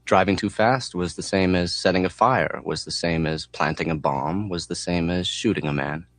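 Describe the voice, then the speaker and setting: Low-voiced man narrating an audiobook. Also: normal speed, fairly bright tone, no room sound.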